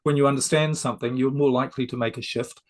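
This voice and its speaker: A man who is a success coach, a guest on an interview show, explaining ideas in a gently persuasive, conversational way. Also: mid-range voice, steady tone, quick pace.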